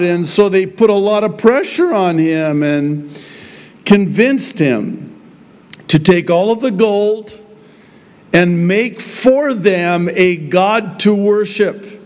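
A man preaching a sermon as pastor, opening in prayer and then speaking with slow, emphatic delivery. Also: a little high, darkish tone, long reverb tail.

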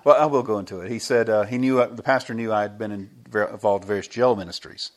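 An American pastor preaching a sermon in a church, telling stories with a lively manner and chuckling between his points. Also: lowish voice, quick pace. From United States.

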